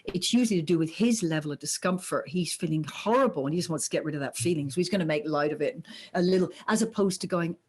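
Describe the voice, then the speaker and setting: A woman's voice: on the low side, fast talker, breathy edge. A middle-aged woman, a psychologist, explaining ideas in a conversational podcast interview and acting out the voices she quotes. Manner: animated, acts out quoted voices. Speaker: psychologist guest.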